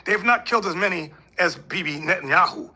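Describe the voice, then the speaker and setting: Speaking a little fast in a high, sharp voice, a male religious leader gives an animated, emphatic, preachy interview. He frequently acts out the voices of people he quotes.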